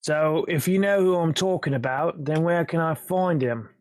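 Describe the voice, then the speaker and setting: A man's voice: fairly high pitch, moderate pace, no echo, close to an everyday voice. A man voicing a dogged investigator in a British gangster manner with a Cockney accent. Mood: probing. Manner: blunt, probing questions.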